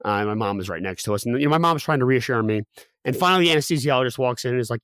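A man in his thirties, a podcast guest, telling a personal story quickly with many restarts and fillers. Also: medium pitch, expressive, a bit bright, clear, resonant tone, no room sound. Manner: rapid, with frequent restarts and fillers.

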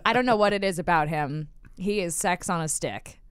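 A woman's voice: fairly low pitch, moderate pace, noisy background. A woman hosting a casual podcast chat, chatty and enthusiastic, often laughing as she talks. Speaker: podcast host.

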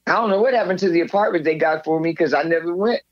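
A woman's voice: on the low side, fast, no room sound. An older woman recalls her past for an interviewer, circling back and restarting her sentences as she goes. The sound is close and dry, with a slightly muffled top end. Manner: rambling, frequent restarts, acts out quoted voices. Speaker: interview guest. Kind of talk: candid personal storytelling.

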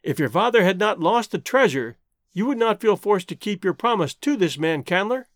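A man's voice: high voice, expressive, normal speed, dry recording, studio quality. A man reading an audiobook, voicing a strong, proud jungle man who speaks firmly and directly. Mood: intense. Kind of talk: audiobook character voice.

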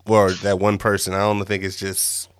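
A man co-hosting a podcast in casual chat, easygoing and halting, with many fillers and restarts. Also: sits low, monotone, clean tone. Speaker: podcast co-host.

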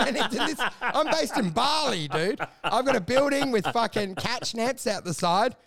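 Gravelly high-voiced Aussie comedian riffing. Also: male voice, normal speed, crowd noise. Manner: animated riffing, acts out mock dialogue, swears. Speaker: podcast co-host. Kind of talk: casual comedic banter.

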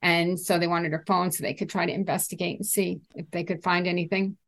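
A middle-aged woman speaking as a podcast guest, telling a painful personal story in a halting way, often repeating herself and trailing off. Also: lowish voice, level tone, fairly bright tone. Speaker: guest, bereaved mother.

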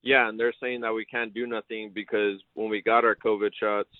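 A man's voice: fairly low pitch, little pitch movement, fairly quick, no room sound. A man calling into a radio show, complaining in a frustrated, plain-spoken way over a phone line. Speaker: caller, soldier. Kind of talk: phone-in call.

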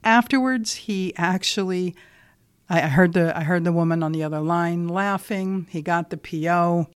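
Lady motivational speaker, chatty storytelling, kinda low voice, asks you questions. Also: normal speed, smooth, dry recording, studio quality. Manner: conversational, asks listeners direct questions.

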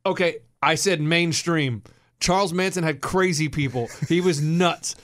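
A man's voice: fairly high pitch, measured pace, a bit bright. A man co-hosting a casual sports talk show, boastful and teasing. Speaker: co-host.

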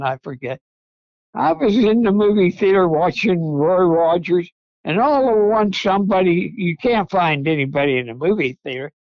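Older man, folksy rambling storyteller, slightly high voice, dull dry lo-fi sound. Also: no echo. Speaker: guest. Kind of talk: storytelling interview.

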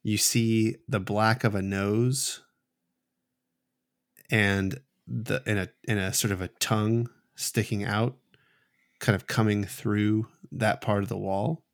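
Man, game master, low gravelly voice, flat delivery, slow halting narration. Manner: slow, halting storytelling with many restarts.

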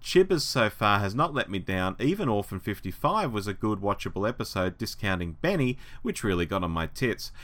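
A man's voice: lowish voice, animated, fairly quick, hardly any pauses, fairly bright tone. A man hosting a casual podcast, reading listener messages with enthusiasm. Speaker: podcast host. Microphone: remote call line.

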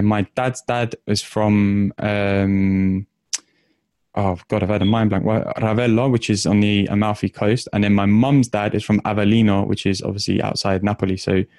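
A man, an author and coach, telling stories and answering viewers in a casual livestream Q&A, chatty and quick, with lots of fillers. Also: lowish voice, warm tone, no room sound, clean studio sound.

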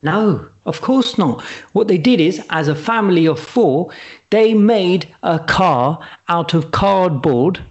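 A man's voice: high voice, lively intonation, slow, highs cut off. A man co-hosting a casual chat show, telling a story with enthusiasm. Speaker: co-host.

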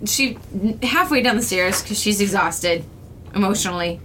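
A woman narrating her character's actions as a player in a tabletop game, giggly and animated. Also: mid-range voice, moderate pace, a little hiss or hum.

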